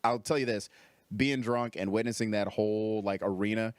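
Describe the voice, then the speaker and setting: Swearing freely in a relaxed, animated chat, a young male comedian guest recounts a story, his pitch leaping up each time he quotes people. He speaks at a moderate pace, recorded at studio quality with no echo.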